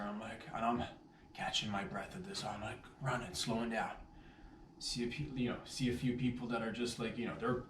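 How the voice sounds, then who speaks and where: A man tells a rambling, animated story for his vlog, his voice sitting fairly low. He sounds some distance from the mic, in a roomy, echoing space with faint ambience behind him. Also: slight background noise. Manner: animated, rambling, playful catchphrases. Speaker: vlogger telling a story.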